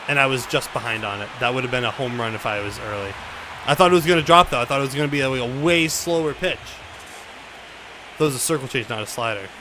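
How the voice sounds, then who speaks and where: A young man commenting on his own baseball video game play, venting frustration, swearing and swinging between loud outbursts and low mutters. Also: fast, background noise. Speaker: gaming YouTuber.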